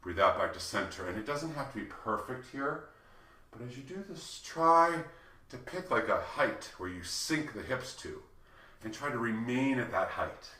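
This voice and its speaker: A man teaching qigong, calmly cueing each breath and movement, with playful joking asides. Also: mid-range voice, normal speed. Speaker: qigong instructor. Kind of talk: guided movement instruction. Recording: echoey room, voice from a distance.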